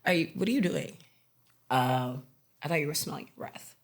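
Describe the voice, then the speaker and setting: A woman's voice: deep voice, lively intonation, normal speed. A woman co-hosting a casual podcast, reading out word definitions and laughing easily between them. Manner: reads word definitions aloud, laughs often. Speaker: podcast co-host.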